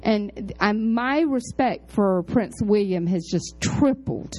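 A woman pastor tells a chatty story in a sermon, animated and full of high exclamations and low asides. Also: slow pace, poor audio.

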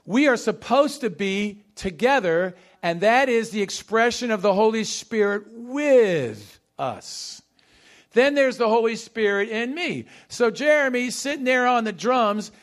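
A male pastor preaching a sermon, leading call-and-response with his congregation and shifting between quick bursts and slow, stressed phrases. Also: very high-pitched, animated.

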